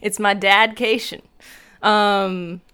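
A woman's voice: mid-range voice, flat delivery, slow, bright, forceful tone, clear, resonant tone. A woman guest in casual chat, giggling often and rambling with lots of ums as she talks about her art and music.

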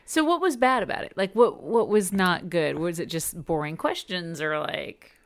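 A woman's voice: fairly low pitch, normal speed. A young adult woman, a radio DJ, talking as a chatty guest in a casual interview. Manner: chatty, self-described talker.

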